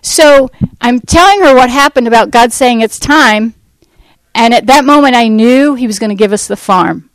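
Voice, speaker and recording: Woman, slightly high voice, dry close sound; church testimony, lively storyteller who acts out dialogue. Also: normal speed, no room sound, low-quality recording. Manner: animated storytelling that acts out quoted speech; rambling, with fillers and restarts. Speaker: Christian ministry speaker. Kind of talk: personal faith testimony to a church audience.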